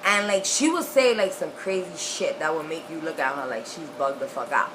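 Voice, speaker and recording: A young woman telling a personal story in a casual, profane, animated way. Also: low-pitched, moderate pace, noisy background. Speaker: vlogger.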